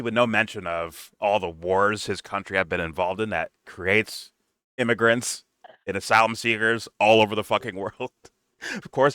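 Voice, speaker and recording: A man's voice: on the low side, bright, forceful tone, no echo, studio quality. A man co-hosting a casual commentary chat, sarcastic and swearing, laughing often as he mocks people. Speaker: podcast co-host.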